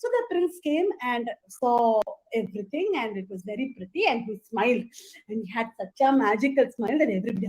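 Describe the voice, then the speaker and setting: Lively woman storyteller. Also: on the high side, brisk, breathy edge, rough recording. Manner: lively, chatty, asides to listeners. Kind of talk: animated oral storytelling.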